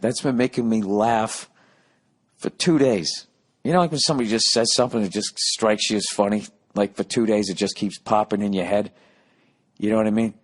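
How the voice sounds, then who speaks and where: A man who hosts a podcast and tells stories in a casual, rambling monologue, cursing often. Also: sits low. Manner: profane, animated storytelling. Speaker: comedian and podcast host. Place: on the road while touring.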